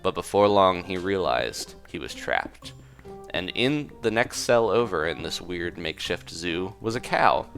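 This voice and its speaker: A man's voice: deep voice, expressive, unhurried, vocal fry, fairly bright tone. A man casually improvising a story over gameplay, rambling with fillers and side comments. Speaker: gaming video creator. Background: faint music.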